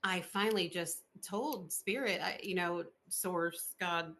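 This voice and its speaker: A woman podcast host chatting in an interview, expressive and full of fillers, laughing often as she tells stories. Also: lowish voice, takes it slowly, a little hiss or hum. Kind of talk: casual interview chat.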